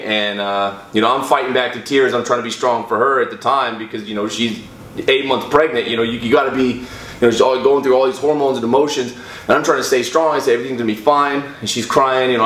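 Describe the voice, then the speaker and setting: A man's voice: mid-range voice, fairly even intonation, quick pace, fairly bright tone. A young man, a fitness vlogger, telling a personal story in a casual, rambling way with many restarts and fillers. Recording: echoey room.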